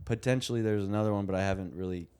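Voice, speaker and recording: A man co-hosting a casual comedy podcast, laid-back and quick to chuckle along. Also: fairly low pitch, steady tone, darkish tone, clear, resonant tone. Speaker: podcast co-host and stand-up comedian.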